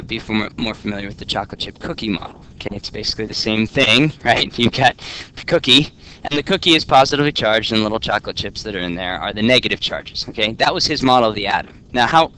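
A man teaching a class in a relaxed, joking way, often checking in with "okay?". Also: medium pitch, fast. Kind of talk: classroom lecture. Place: classroom with students.

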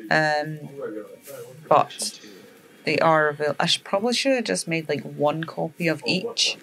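A woman's voice: low voice, a little slow, gravelly, a bit bright, poor audio. A woman giving rambling, casual commentary over her Minecraft gameplay late at night, tired and full of fillers. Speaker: Minecraft server player and YouTuber.

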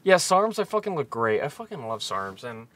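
A man's voice: mid-range voice, sing-song, moderate pace, fairly bright tone. A man in his twenties chatting casually on a live stream, tipsy from shots, rambling and swearing constantly. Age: 20s.

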